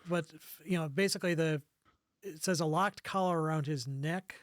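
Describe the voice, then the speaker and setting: GM, man, fairly high voice, dry close sound, muses aloud while describing scenes. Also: no room sound. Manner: thinking aloud with pauses and restarts. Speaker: game master. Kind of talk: describing scenes in a tabletop game.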